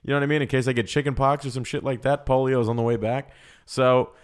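A man's voice: medium pitch, steady tone, fast, smooth. Hyped-up young man, crude and joking. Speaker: podcast host. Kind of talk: casual comedy podcast chat.

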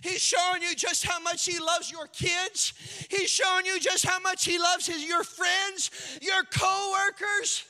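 A male pastor delivers a sermon in a high, bright voice, taking his time over each phrase. He tells the story dramatically, acting out the characters' voices. The sound carries a long reverb from a large hall. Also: flat delivery, a little slow, hardly any pauses.

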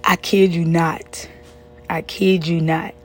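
Husky-voiced young woman telling her story. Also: on the low side, flat delivery, slow. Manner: earnest, conversational, with many fillers and restarts. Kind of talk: personal storytelling.

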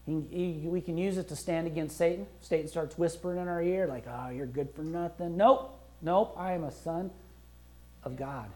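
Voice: medium pitch, normal speed, darkish tone. A pastor preaching a sermon in a conversational, emphatic way, acting out prayers and quotes as he goes. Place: church.

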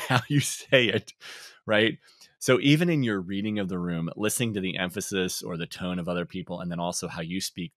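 A man co-hosting a podcast in casual chat, relaxed and reflective, with frequent ums and laughs. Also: lowish voice, dry recording, studio quality. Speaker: podcast co-host.

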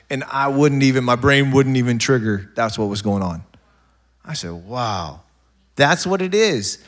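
A man preaching a sermon to a congregation, swinging from quiet asides to loud, animated bursts, with loose storytelling full of restarts. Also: mid-range voice. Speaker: pastor.

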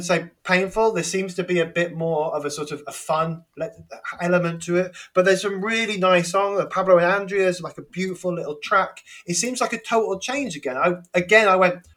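A man's voice: high voice, fairly bright tone. An English man hosting a casual music discussion, chatty and hesitant, laughing easily as he talks. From England. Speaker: podcast host.

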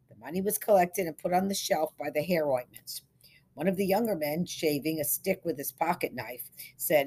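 A woman reading a short story aloud as scripted narration, in a measured storytelling manner. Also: sits low, a little mellow, husky. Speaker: story reader.

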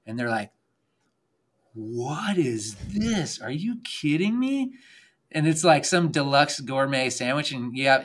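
A man chatting casually as a podcast guest, rambling and excited, filling his talk with "like". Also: medium pitch. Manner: rambling, excited, heavy use of "like". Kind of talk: casual chat.

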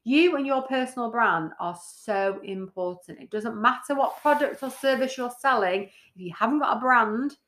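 A woman co-hosting a business podcast in casual chat, blunt and animated, swearing freely. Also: a little high, normal speed, hardly any pauses. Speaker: podcast co-host, brand builder.

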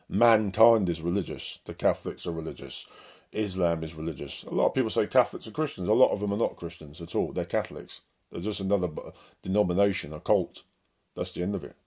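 A man's voice: low voice, mellow, slightly rough. A man preaching as an evangelist in a blunt, combative monologue to his listeners.

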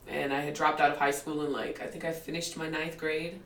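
Captured by a distant mic with faint ambience in a roomy space, a guest in her forties recounts her life in a candid interview. Her deep voice moves a little fast, and she laughs a lot while acting out other people's words.

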